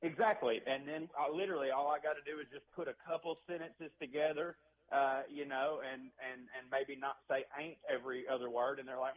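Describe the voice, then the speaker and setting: A man's voice: medium pitch, steady tone, a little fast. Joking Southern man on a muffled phone line. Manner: joking, self-deprecating storyteller. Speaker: stand-up comedian guest. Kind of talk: casual phone interview.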